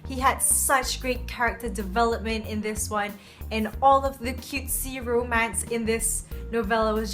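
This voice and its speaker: A young woman chatting casually about books she loves, gushing and excitable, with lots of fillers. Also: fairly high pitch. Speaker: book reviewer. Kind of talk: casual book review chat. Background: soft background music.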